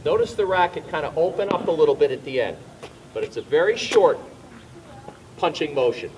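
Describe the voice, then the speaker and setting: A man's voice: a little high, very animated, fairly quick, recorded from a distance, background noise. A man teaching tennis on an outdoor court, explaining volleys while demonstrating shots and calling out coaching pointers. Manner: explaining while hitting balls, bursts of louder coaching. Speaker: tennis instructor.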